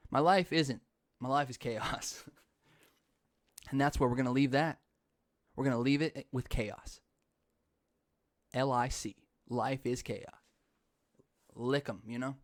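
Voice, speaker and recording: A man's voice: mid-range voice, fairly even intonation, unhurried, long pauses, dry recording, studio quality. Rambling young man hosting a podcast. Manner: rambling, laughs often, swears casually. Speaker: podcast host. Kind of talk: casual chat.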